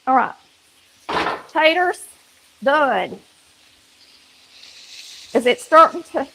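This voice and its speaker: A woman's voice: sits high, expressive, slow pace, creaky, pauses often, pushed and bright, a little hiss or hum, rough recording. A woman with a country Southern accent hosting a cooking show, chatting folksily to viewers while she cooks in her kitchen. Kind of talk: casual cooking chat to viewers. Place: home kitchen.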